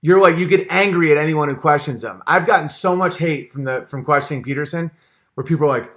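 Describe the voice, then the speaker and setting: Fired-up ranting man, slightly high voice. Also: quick pace, fairly bright tone. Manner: heated, profane, sarcastic, with rambling restarts. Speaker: channel host. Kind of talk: comedic rant vlog.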